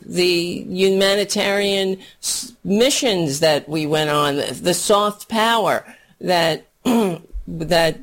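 A hoarse woman doing a profane, scornful political rant on a livestream, often clearing her throat and laughing. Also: lowish voice. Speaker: political commentator.

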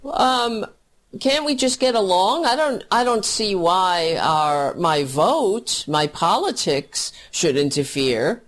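A woman's voice: medium pitch, expressive, slow pace. Woman mocking a whiny clueless voter.

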